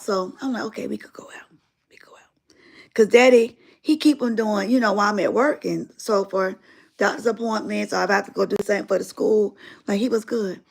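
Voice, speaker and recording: A woman's voice: a little high, vocal fry. A middle-aged woman hosting a live stream, telling a personal story in a casual, colloquial and emphatic way.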